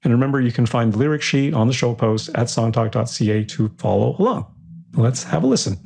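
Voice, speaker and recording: A man's voice: medium pitch, expressive, a little fast, gravelly, darkish tone, husky. A man hosting a songwriting radio show, chatting casually with filler words and frequent laughs. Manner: chatty, laughs often, many fillers and restarts. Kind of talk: casual podcast chat.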